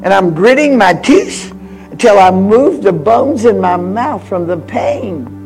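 A woman in her eighties preaching a sermon with personal stories, swinging from loud exhortation to hushed confiding. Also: medium pitch, lively intonation, a little slow, soft background music. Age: 80s.

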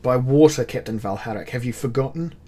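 A man's voice: lowish voice, steady tone, moderate pace, darkish tone, natural voice. A man playing an arrogant, cruel demon-lord prince who barks orders and boasts, in a storybook reading. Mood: commanding. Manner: boastful, barking commands.

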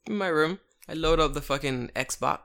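A young man telling a long story in a casual chat, animated and full of swearing. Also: fairly high pitch, normal speed, vocal fry, clear, resonant tone.

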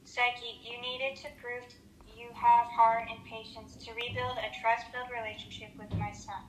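Woman as haughty goddess Venus, higher-pitched, flat, steady amateur myth-play reading; echoey room. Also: normal speed, crowd noise, natural voice. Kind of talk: amateur read-aloud role-play.

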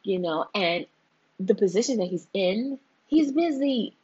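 A woman's voice: medium pitch, expressive, a little slow, a little mellow, breathy edge, highs cut off. A woman hosting her own show in a casual monologue, emphatic and fond of repeating her points for effect.

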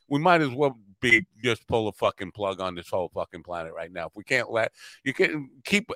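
A man's voice: medium pitch, sharp tone, dry recording. A man hosting a podcast in casual chat, blunt and given to swearing. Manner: blunt and profane, mutters asides. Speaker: podcast host.

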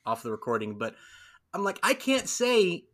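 Guy hosting a podcast, bright lively voice, laughs at himself a lot. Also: high-pitched, normal speed. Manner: animated, laughing, self-deprecating. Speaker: podcast host. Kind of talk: casual podcast chat.

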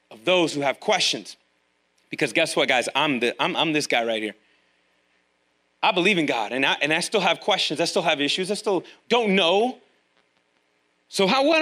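A man preaching a sermon, animated, acting out quoted voices and asking the audience questions. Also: high voice. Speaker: pastor. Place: church room with online viewers.

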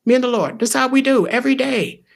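On a Bible-teaching podcast, a woman with a high, gravelly, expressive voice talks fast. Her casual preaching is emphatic, packed with rhetorical questions, and she caps each point with "okay?" to check in.

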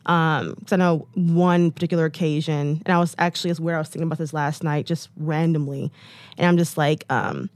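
A woman's voice: deep voice, a little fast, darkish tone, dry recording. A woman in her thirties from the United States, a guest telling personal stories in a candid interview, chatty with lots of "like"s and "um"s. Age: 30s. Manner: chatty, many "like"s and "um"s, acts out quotes.

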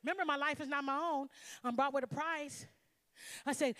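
A woman's voice: high voice, steady tone, normal speed, bright, forceful tone, in a large hall. A woman pastor preaching a sermon, emphatic and calling out to her congregation for responses.

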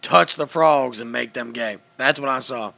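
A man's voice: mid-range voice, moderate pace, creaky, bright, forceful tone. Man doing a ranting conspiracy radio host. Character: blustering male conspiracy radio host, middle-aged. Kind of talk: comedic impression.

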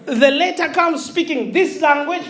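Lively, laughing African woman preacher. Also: sits high, normal speed, echoey room. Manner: animated, laughing, calls out to the congregation. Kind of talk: sermon.

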